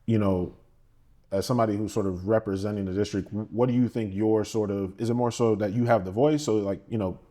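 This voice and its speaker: A man's voice: lowish voice, fairly even intonation, fairly quick, mellow. A man interviewing a guest, asking questions in a hesitant, hedging way with many fillers.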